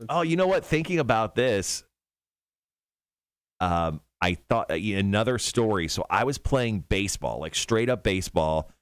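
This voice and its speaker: Lively low-voiced male radio host. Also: normal speed, clear, resonant tone, dry recording, clean studio sound. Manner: animated storyteller, laughs often while telling stories. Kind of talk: casual morning show chat on a live stream.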